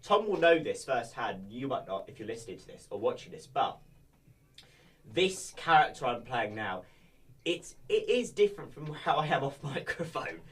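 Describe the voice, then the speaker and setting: A young man from England, a podcast guest chatting casually, jokey and deliberately high-energy. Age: young adult. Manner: animated, jokey, amps up his energy.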